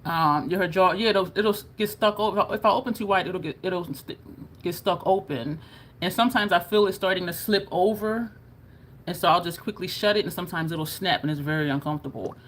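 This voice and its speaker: A beauty vlogger talks to camera in a casual, chatty way, laughing often and showing her jaw as she speaks. Her voice is on the low side and fairly quick, with a little hiss or hum.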